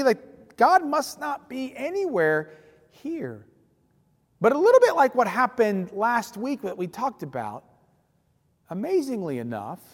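A male pastor preaching a sermon in a church, telling the story with animation and dropping at times to a near-whisper. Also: high voice. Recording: long reverb in a large hall.

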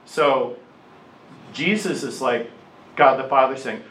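An older man teaching a Bible class in a lively storytelling way, acting out voices in his quotes. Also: mid-range voice, a little slow, slight background noise, poor audio.

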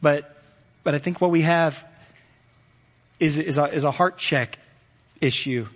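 A man preaching a sermon with energy, rising loud and high when animated. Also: unhurried, in a large hall. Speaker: pastor.

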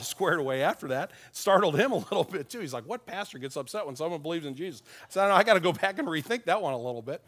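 A man, a pastor, giving a conversational sermon with personal stories, dropping softly on key points. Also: a little high. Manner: folksy, tells personal stories with chuckles.

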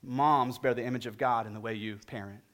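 A middle-aged male pastor preaching a sermon and telling a humorous story with animated delivery. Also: mid-range voice, a little fast.

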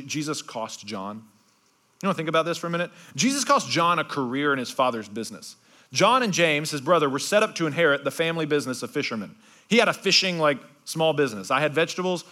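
A man preaches in a bright, forceful voice that sits a little high for a man. He keeps the sermon conversational, checking in with his listeners, then drops to slow, hushed passages to drive his points home. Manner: swings between bright emphasis and hushed, slowed-down passages; conversational, with repeated asides like "okay?". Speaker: pastor.

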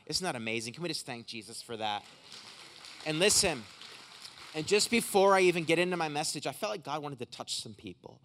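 A man preaching as a guest speaker in a church service. He moves from emphatic, rising preaching into quiet, intense prayer for healing. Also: on the high side, animated, fairly quick, slight background noise. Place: hotel conference room church.

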